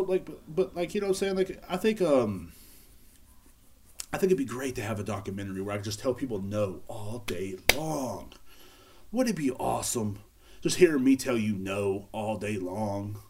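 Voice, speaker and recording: A man hosting a casual solo podcast, rambling and joking with lots of swearing and filler words. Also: fairly low pitch. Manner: rambling, joking, profane, laughs at own bits. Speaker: podcast host.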